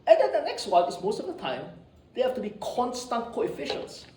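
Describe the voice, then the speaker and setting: Animated high-voiced male professor in echoey room. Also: fairly quick, slight background noise. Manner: animated, joking, often asks "right?". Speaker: engineering professor. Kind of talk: classroom lecture. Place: lecture room. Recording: echoey classroom, distant mic.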